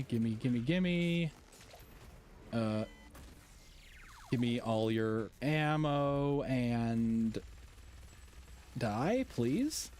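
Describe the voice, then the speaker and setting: A laid-back man playing a game on a live stream. He talks slowly and jokes along as he plays. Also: medium pitch, a little mellow, slight background noise. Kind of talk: casual chat during a game stream.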